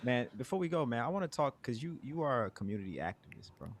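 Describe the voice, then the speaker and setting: A man's voice: mid-range voice, very animated, quick pace. Easygoing man teasing his guest. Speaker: interview host. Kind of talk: casual interview chat.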